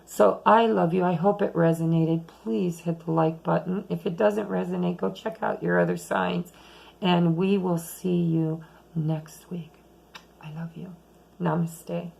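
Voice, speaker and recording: A woman giving a chatty, rambling tarot reading at home late at night, losing her voice and talking softly at times. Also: on the low side, a little slow, gravelly, low-quality recording. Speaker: tarot reader.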